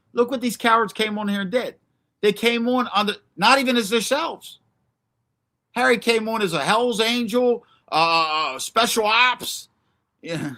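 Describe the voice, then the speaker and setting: Brash, bright-voiced male livestream host. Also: high-pitched. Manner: brash, profane, confrontational, answers chat by name. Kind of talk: ranting livestream commentary.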